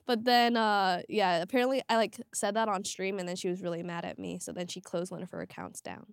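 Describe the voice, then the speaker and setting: A young woman guest on a podcast in casual chat, chatty and quick to react. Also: medium pitch, fairly even intonation, vocal fry, smooth, no room sound, studio quality. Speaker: streamer guest.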